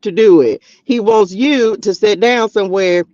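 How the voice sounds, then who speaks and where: A man hosting a spiritual livestream, preaching casually and talking straight to his viewers in animated slang while reading tarot cards. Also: high-pitched, normal speed, no echo, muffled recording. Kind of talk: casual preaching to a live chat. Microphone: streaming mic.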